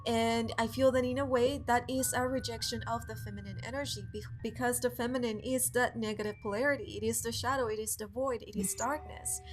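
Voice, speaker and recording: A woman's voice: on the high side, steady tone, a little fast, few pauses, faint music behind. A young woman co-hosting a spiritual chat, talking in an impassioned, emphatic way. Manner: impassioned, emphatic, builds to emotion. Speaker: co-host.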